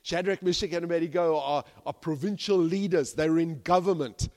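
A man preaching a sermon as pastor, swinging from hushed to loud and acting out the people in his stories. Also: on the high side, moderate pace. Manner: animated, swings from hushed to loud, acts out quoted characters. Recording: long reverb of a large hall.

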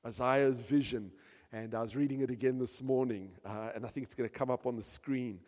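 A man preaching a sermon with emphatic delivery, rising to loud peaks and dropping to soft, quiet passages. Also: mid-range voice, steady tone, brisk. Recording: long hall reverb.

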